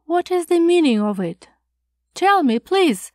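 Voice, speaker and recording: A prim, nervous old schoolmaster, as a woman reader voices him frets and lectures in a scandalized, pleading tone. The voice sits high and strained, with slow, drawn-out pacing. It is recorded dry and close for an audiobook. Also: animated, dry recording. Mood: shocked. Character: fussy, anxious, prim older male schoolmaster.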